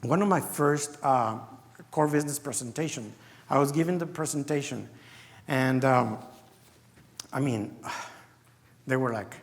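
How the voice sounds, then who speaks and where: In a large, reverberant conference hall, a business founder from Mexico speaks with medium pitch at a measured pace, pausing often. His testimony is earnest, and he voices his past dialogue as he recounts it.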